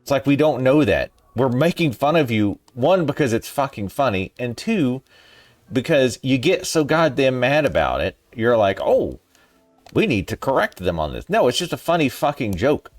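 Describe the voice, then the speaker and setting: A man's voice: mid-range voice, animated, normal speed, no echo, faint music behind. A man commenting on a video game as he plays, in a crude, profane, ranting manner. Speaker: gaming streamer. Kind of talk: let's play commentary.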